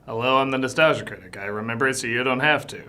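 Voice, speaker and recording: A man as a bright, sarcastic film critic host. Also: mid-range voice, fast, faint music behind, close to an everyday voice. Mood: exasperated. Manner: sarcastic, exasperated, outbursts of yelling. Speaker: film review show host. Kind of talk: comedy sketch and review narration.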